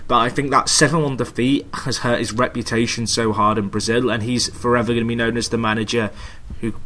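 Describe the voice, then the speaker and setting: Guy, bright voice, talks football calmly and analyses it, cracks jokes. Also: mid-range voice. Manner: measured, analytical, joking. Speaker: podcast co-host. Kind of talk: casual football chat.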